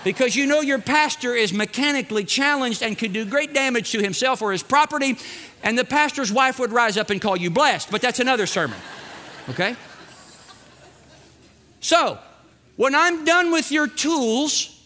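A man's voice: very high voice, expressive, normal speed, bright, forceful tone, a little hiss or hum. A middle-aged man preaching a sermon as pastor, emphatic and repeating phrases for effect, acting out small dialogues.

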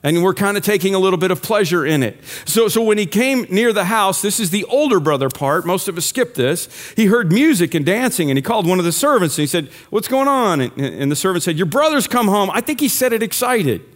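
A man's voice: high voice, big pitch swings, quick pace, few pauses. A man preaching a conversational, humorous sermon as pastor, asking the congregation questions and driving home points with emphatic rising peaks.

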